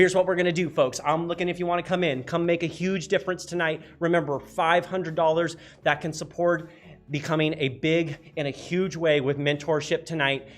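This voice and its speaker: A man calling bids as auctioneer at a live charity auction, energetic and repetitive, often shouting. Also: a little high.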